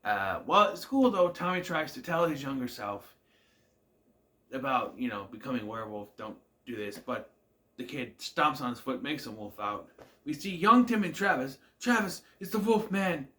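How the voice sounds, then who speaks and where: A man's voice: mid-range voice, animated, normal speed, pushed and bright. Man rambling through an episode recap. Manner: rambling, many fillers and restarts. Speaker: show reviewer.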